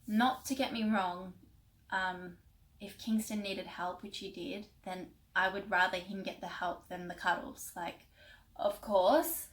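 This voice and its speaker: A young woman in a casual vlog, recounting a personal story. Her voice sits at an ordinary middle pitch, and she speaks with emotion, wandering through many fillers and restarts. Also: fairly even intonation, unhurried, rough recording. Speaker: vlogger.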